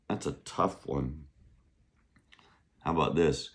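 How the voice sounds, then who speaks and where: Upbeat man teaching vocabulary, slow and lively. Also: very deep voice. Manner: upbeat, drills with repeat-after-me. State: losing his voice. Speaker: Mandarin teacher. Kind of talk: casual vocabulary lesson. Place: beach, outdoors.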